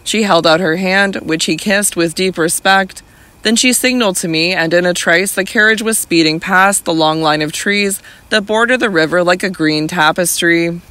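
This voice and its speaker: A man narrating an audiobook in a measured literary reading. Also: high-pitched, sharp tone, dry recording. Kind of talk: scripted narration.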